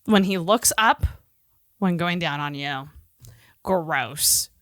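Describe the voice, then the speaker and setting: A woman's voice: fairly low pitch, lively intonation, takes it slowly, fairly bright tone, dry recording, studio quality. A woman co-hosting a podcast, candid and laughing often in casual banter. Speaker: podcast co-host.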